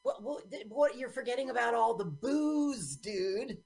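A woman co-hosting a radio show, bantering playfully about a movie, jokey and quick to interrupt. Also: fairly high pitch, lively intonation, darkish tone. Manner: joking, quick to interrupt and argue. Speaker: radio co-host. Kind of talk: casual banter while watching a movie. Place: radio studio.

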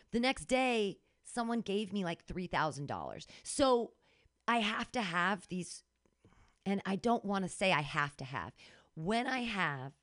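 A woman's voice: medium pitch, a bit bright, no echo, clean studio sound. A woman telling an emotional story in casual podcast chat, dramatic and full of restarts.

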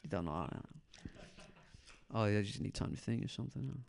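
Young male stand-up, twenties, slacker drawl with a gravelly fry, rambles and stalls while working the crowd on a handheld mic. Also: lowish voice, expressive, fast, a little mellow. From San Francisco Bay Area. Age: 20s. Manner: laid-back stoner drawl, trails off, says man constantly. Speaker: stand-up comedian doing crowd work.

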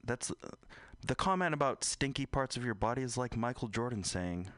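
A man's voice: medium pitch, expressive, normal speed, hardly any pauses, fairly bright tone, no room sound. A man hosting a radio show, chatting casually and rambling, swearing often and repeating himself as he hunts for words, on a studio mic. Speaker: radio host. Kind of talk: casual chat.

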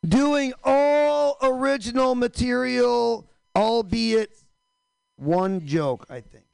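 A man's voice: very high-pitched, takes it slowly, gravelly, a little mellow, clean tone, no echo, poor audio. A man hosting a stand-up comedy show in a small room, rambling and profane, often cutting himself off. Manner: rambling, self-interrupting, profane.

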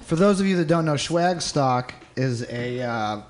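A man's voice: fairly high pitch, measured pace, slight background noise. Profane man spinning a wild story. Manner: profane, animated anecdote teller. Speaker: radio show co-host. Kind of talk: casual chat, storytelling.

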